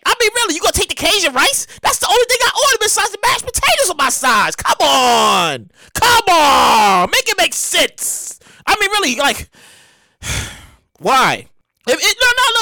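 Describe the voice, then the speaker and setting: A woman's voice: high voice, pushed and bright, dry recording. A woman vlogger ranting in a casual, profane way, stammering and repeating phrases as she reacts.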